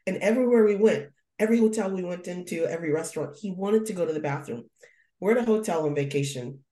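Animated storyteller woman in a roomy space. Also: on the low side, quick pace. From United States. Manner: animated storyteller, acts out her own thoughts. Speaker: guest. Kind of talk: telling a family story. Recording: roomy echo.

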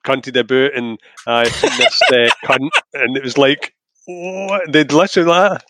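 A man's voice: mid-range voice, steady tone, a little slow, background noise. A Scottish man co-hosting a podcast, chatting casually and joking with frequent laughs. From Scotland. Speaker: podcast co-host. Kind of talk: casual chat.

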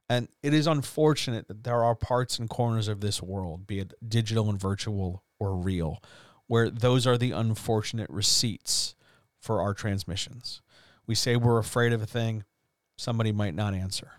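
Male host, mid-pitched, passionate pep-talk delivery with sharp loud-to-soft swings, dry close sound. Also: dry recording. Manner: earnest, swearing, repeats phrases, swings from loud to quiet. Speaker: host of a writers chat. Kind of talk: impassioned motivational monologue.

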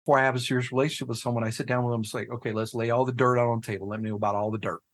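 A man talking casually on a podcast, telling a personal story with lots of swearing and sudden jumps into shouted disbelief. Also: mid-range voice, fairly even intonation, very fast. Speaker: guest, head of a fathers' nonprofit.

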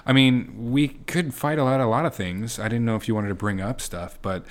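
A young man co-hosting a podcast in casual chat with his wife, talking in an even, low-key way. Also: normal speed. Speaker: podcast co-host.

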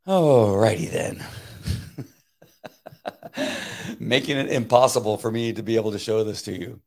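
A man's voice: lowish voice, huge pitch swings, a little slow, creaky, a little mellow. A man hosting a casual livestream, talking emphatically with many fillers and restarts, and muttering to himself while he fixes technical problems. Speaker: livestream political commentary host.

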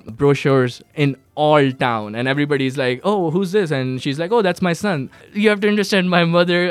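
A young man from Pakistan telling a personal story, animated and acting out the people he quotes, with frequent restarts. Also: a little high, dry recording. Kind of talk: personal anecdote told to an audience.

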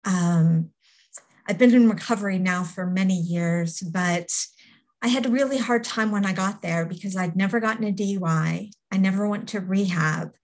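A woman appearing as a guest on a podcast, a speaker and coach who talks in a candid, steady, reflective way. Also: mid-range voice, moderate pace. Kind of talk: podcast interview.

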